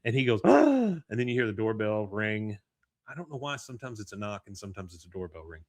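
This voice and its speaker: A man hosting a podcast talks fairly quickly in a fairly low voice, giving a lively, casual recap of an episode while acting out what the characters said. There's no echo.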